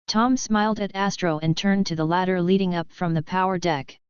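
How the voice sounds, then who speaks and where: Woman narrating a book, steady and measured, low voice, dry close sound. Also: clean tone, no room sound, highs cut off. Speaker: audiobook narrator. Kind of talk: scripted narration.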